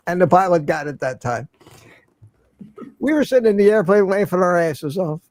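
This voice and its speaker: An older man hosts a relaxed livestream, his voice sitting a little high. He rambles through stories and laughs at his own jokes. The sound is dry and close, with no room around it. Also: moderate pace, dry recording. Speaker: livestream host. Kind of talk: casual chat.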